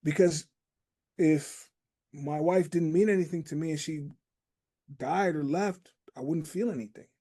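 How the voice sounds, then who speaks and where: A man's voice: a little high, a little slow, pauses often, warm tone. A man hosting a podcast conversation, talking in a reflective, storytelling way with homely analogies. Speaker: podcast host. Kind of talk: casual conversation.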